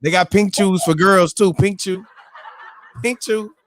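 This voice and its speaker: A man's voice: high voice, fairly even intonation, unhurried, slight background noise. A man co-hosting a casual morning show, joking in a playful, slangy way. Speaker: co-host. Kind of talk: casual chat.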